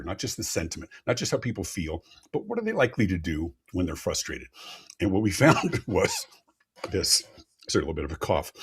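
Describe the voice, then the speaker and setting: Over a remote connection, a man with a low-pitched, slightly rough voice tells lively stories during a live podcast interview, where he's featured as a customer experience expert. New thoughts often start with a repeated word.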